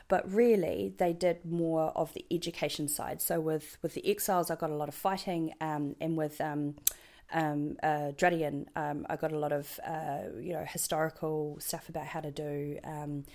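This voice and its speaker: A woman from New Zealand talks casually as an interview guest, her voice sitting very low for a woman. She speaks with a New Zealand accent, wanders through her story with frequent ums, repeated words and self-corrections, and laughs at her own jokes. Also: fairly even intonation, moderate pace, creaky, darkish tone. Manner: rambling, full of ums and restarts.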